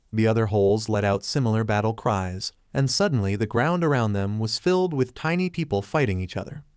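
A man's voice: medium pitch, a little mellow, no echo. Man reading a story in a dry voice. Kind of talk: fanfiction narration.

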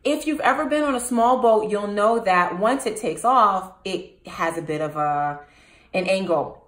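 Animated woman telling a story, echoey room. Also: mid-range voice, unhurried. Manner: animated, addresses viewers with questions. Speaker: host. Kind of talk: personal storytelling to camera.

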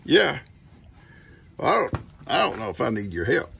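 Gravelly older grandpa. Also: male voice, medium pitch, huge pitch swings, bright, forceful tone. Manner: teasing, folksy, unhurried. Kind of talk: casual chat with a grandchild. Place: outdoors on a farm. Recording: noisy outdoor recording with vehicle sounds.

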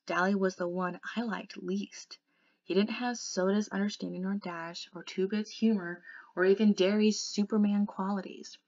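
Woman reading a book aloud, low gravelly voice, dull muffled recording. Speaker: audiobook reader.

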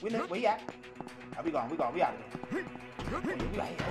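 A gaming video creator giving excited, slang-heavy, trash-talking commentary over gameplay. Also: mid-range voice, quick pace, pauses often, music in the background.

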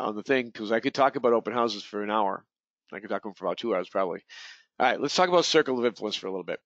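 A man's voice: medium pitch, fairly bright tone, no echo. A man leading a real estate training webinar, talking in a rambling way with many restarts and repeated words. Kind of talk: webinar presentation. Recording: dull, lo-fi webinar audio.

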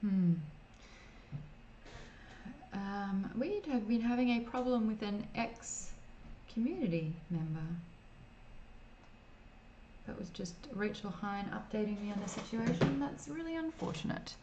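A woman's voice: mid-range voice, animated, measured pace, pauses often. A woman chatting casually while streaming an old computer game and reading chat. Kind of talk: casual gameplay commentary. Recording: slightly dull streaming mic audio with faint noise.

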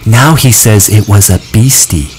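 A man's voice: fairly low pitch, a little slow, a little mellow, slight background noise, natural voice. A man voicing an anxious, earnest boy who insistently relays a frightened child's words in a storybook reading.

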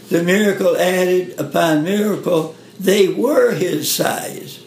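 A man with a high, gravelly voice reads a first-person story aloud slowly and gently. The recording has a roomy echo. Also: a little hiss or hum.

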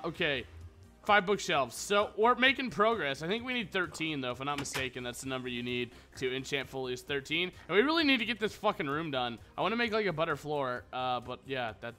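A man's voice: mid-range voice, expressive, a little fast, sharp tone. A young man rambling and joking crudely as he narrates his own Minecraft game. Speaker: gaming YouTuber. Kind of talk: casual Minecraft let's play commentary. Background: background music.

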